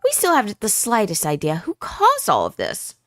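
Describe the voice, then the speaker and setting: A woman's voice: mid-range voice, wildly swooping pitch, normal speed, dry recording, clean studio sound. A woman voicing an earnest, paranoid young female adventurer who speaks in a grave, formal and determined way.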